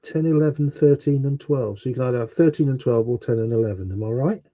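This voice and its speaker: A man on a livestream panel who works through the steps of a model kit out loud and chats along. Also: mid-range voice, fast, no echo. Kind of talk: casual chat on a livestream.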